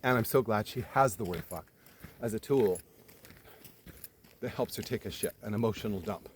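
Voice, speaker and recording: A man telling a story in casual conversation, animated, swearing freely and acting out the people in it. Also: fairly low pitch, a little hiss or hum. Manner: animated retelling, swears freely, quick jumps in loudness.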